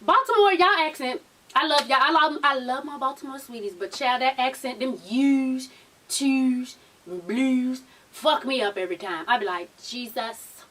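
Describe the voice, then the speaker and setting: A woman's voice: high-pitched, brisk, pushed and bright, far from the mic, slight background noise. A woman with a Southern US accent recapping a reality TV episode in a blunt, profane, sassy manner. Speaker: TV recap vlogger.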